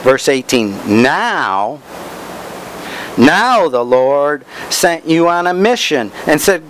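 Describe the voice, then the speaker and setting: A man's voice: a little high, big pitch swings, takes it slowly, a bit bright, slight background noise, rough recording. A man preaching a Bible study, reading verses aloud and stressing words as he explains them.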